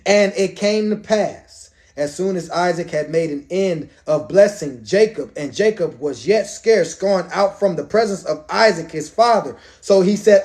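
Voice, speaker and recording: High-voiced pastor mixing scripture and slang. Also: male voice, unhurried, few pauses, a little mellow. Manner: reads archaic verses then riffs in street slang with humor. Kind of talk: scripture reading with commentary.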